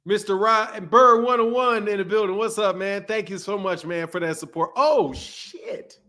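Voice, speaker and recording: A man's voice: sits high, steady tone, brisk, sharp tone. A man hosting a casual livestream, loosely greeting viewers by name in a chatty way. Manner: loose and chatty, reads viewer names aloud. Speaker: livestream host.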